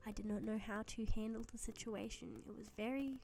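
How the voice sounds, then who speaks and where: A woman's voice: a little high, fairly even intonation, brisk, gravelly, a little mellow. Chatty laughing woman telling a story. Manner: chatty, laughs often, quotes herself in dialogue. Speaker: gaming YouTuber. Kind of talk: casual storytelling vlog. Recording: faulty mic audio.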